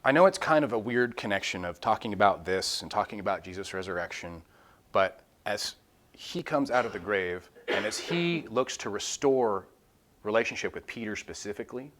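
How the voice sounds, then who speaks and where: A man's voice: on the low side, lively intonation, moderate pace, a bit bright, a little hiss or hum. A man leading an informal Bible study with a group, talking candidly and animatedly and acting out quoted voices. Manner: candid and self-deprecating.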